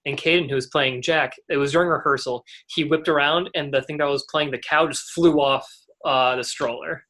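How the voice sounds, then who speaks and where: A teenage boy and young actor in a casual interview, rambling and halting, with frequent restarts. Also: a little high, steady tone, pushed and bright.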